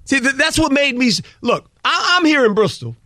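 Animated older man telling football stories. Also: extremely high pitch, a little fast, no echo. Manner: animated storyteller, lively, repeats words. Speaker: former coach, guest analyst. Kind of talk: casual sports talk.

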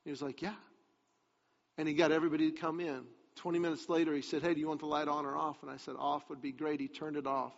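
Pastor guy preaching, kinda high voice, big echoey hall, muffled recording. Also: little pitch movement, fast, creaky. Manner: storytelling, confiding then emphatic. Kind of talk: sermon. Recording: long hall reverb, dull lo-fi sound.

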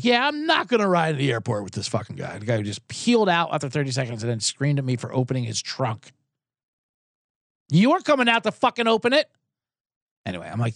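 Male podcast host, high lively voice, sarcastic profane rants, dry close sound. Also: dry recording. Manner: sarcastic, profane, storytelling with acted-out quotes. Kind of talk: comedic rant.

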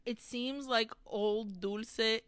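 A woman co-hosting a casual podcast, walking through a film plot with eager, laughing restarts. Her voice is bright and crisp, recorded close and dry. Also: a little high, drawn-out words, dry recording. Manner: excited, retelling scenes with laughs and restarts. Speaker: podcast co-host. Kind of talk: casual film recap chat.

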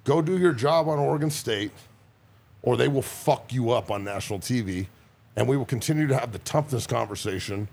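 A man's voice: medium pitch, animated, a little fast, creaky, darkish tone, slightly rough. A man and former football player chatting on a podcast as a guest, telling rowdy, profane stories. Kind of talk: casual podcast chat.

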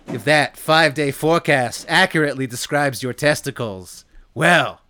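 A podcast co-host reading out a series of comic setups, stammering and laughing through them. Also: male voice, on the high side, moderate pace, pushed and bright, dry recording. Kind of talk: comedy podcast bit.

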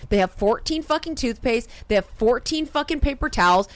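Profane, animated woman ranting. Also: high-pitched, brisk, hardly any pauses, dry recording. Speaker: podcast co-host. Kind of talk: casual comedic podcast rant.

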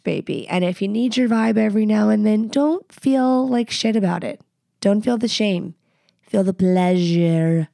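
A woman's voice: mid-range voice, gravelly, darkish tone, no room sound, studio quality. A woman hosting a podcast, giving blunt, profane, playful advice in a casual chat. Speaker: podcast host.

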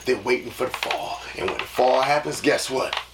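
A man's voice: medium pitch, normal speed. A man hosting a casual solo podcast, rambling and preachy, often tagging lines with "you know what I'm saying.". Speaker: podcast host. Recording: roomy, distant mic with noise.

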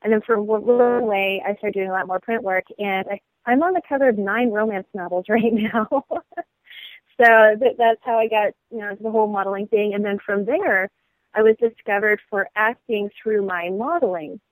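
A woman actress and model chatting as an interview guest, bubbly and quick to laugh. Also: medium pitch, no room sound, low-quality recording. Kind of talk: casual interview chat.

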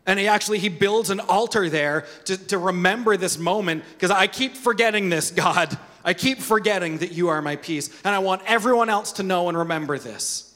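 High-voiced pastor preaching in a reverberant hall. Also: male voice, a little fast, hardly any pauses, pushed and bright. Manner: earnest, conversational preaching with rhetorical questions. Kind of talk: sermon.

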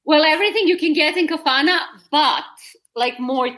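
A woman's voice: high voice, normal speed, fairly bright tone. A woman from Serbia with a Serbian accent, a podcast guest chatting bluntly and casually, with frequent fillers. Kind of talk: casual chat.

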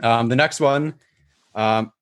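A man's voice: mid-range voice, takes it slowly, fairly bright tone. A man playing a male team executive who interviews coach candidates with polite prompts.

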